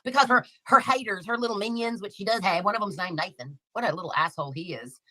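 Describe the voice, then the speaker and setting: A woman's voice: mid-range voice, fast, pushed and bright, dry recording, poor audio. A woman hosting a live commentary stream, sarcastic and profane, chatting casually and reading out comments. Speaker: livestream commentary host.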